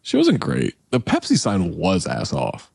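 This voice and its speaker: A man's voice: sits low, huge pitch swings, unhurried, gravelly, darkish tone, slightly rough, no room sound. A man co-hosting a casual podcast about movies, joking around, laughing often and swearing freely. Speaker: podcast co-host.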